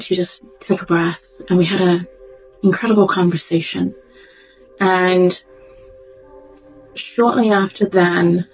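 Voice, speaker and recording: Low, gravelly woman telling her story. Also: darkish tone, rough recording. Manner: reflective, halting, heartfelt. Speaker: doctor. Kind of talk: personal testimony. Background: faint background music.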